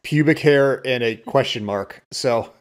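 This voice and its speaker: A man guesting on a podcast in casual chat, tossing quick wisecracks. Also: mid-range voice, a little hiss or hum. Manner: quick wisecracks, animated delivery.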